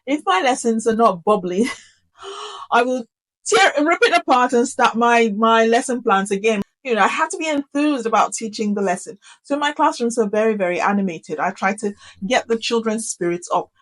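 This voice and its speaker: A middle-aged woman teacher explaining classroom management in an animated, emphatic way, often repeating key phrases for effect. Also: a little high, moderate pace, poor audio. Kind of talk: instructional talk to camera.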